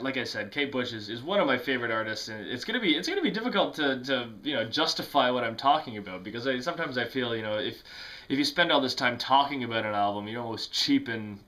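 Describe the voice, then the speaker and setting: Man, casual vlog chat, bright and forceful tone, rambling, full of ums and restarts. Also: medium pitch. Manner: rambling, many fillers and restarts, self-deprecating laughs. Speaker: music vlogger. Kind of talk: casual talk to camera.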